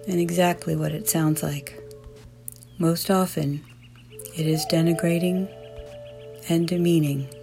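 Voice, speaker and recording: A woman guides a meditation in a low, mellow voice with a gravelly edge, talking very slowly and gently. Her tone stays soft and soothing throughout, and faint music drifts behind her. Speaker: meditation teacher.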